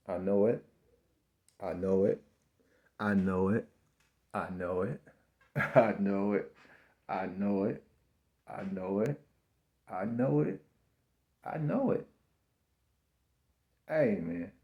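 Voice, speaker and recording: On a muffled recording, a man in his fifties with a lowish voice preaches slowly and repetitively about self-belief. He keeps calling the listener baby in this spiritual monologue.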